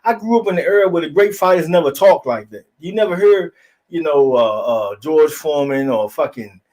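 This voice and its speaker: A man hosting a casual boxing talk show, blunt and profane, telling animated stories. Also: fairly high pitch, fairly quick. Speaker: podcast host.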